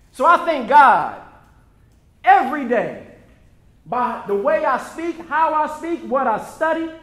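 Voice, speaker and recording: A man's voice: very high-pitched, fairly bright tone. A man from the United States giving an impassioned, preacherly motivational speech at a documentary screening, driving his points home with emphatic repetition. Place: event venue before an audience. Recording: roomy echoey hall.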